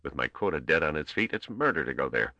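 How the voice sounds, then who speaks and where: A man voicing a gruff, blunt, seasoned male space trader. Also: extremely low pitch, big pitch swings, fast talker, pushed and bright, no room sound, highs cut off, heavily acted.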